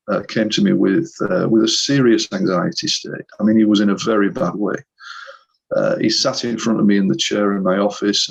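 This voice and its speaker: A middle-aged male hypnotherapist, appearing as a guest in a conversational interview, tells stories in a gravelly, lowish voice over poor audio. He's animated, re-enacting scenes and often restarting his sentences.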